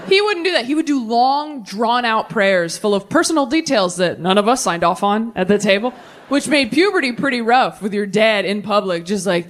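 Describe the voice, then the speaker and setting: Quick-witted woman doing stand-up. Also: a little high. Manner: animated, self-deprecating, quick asides. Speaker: stand-up comedian. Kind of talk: stand-up set with crowd work. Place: theater stage with live audience.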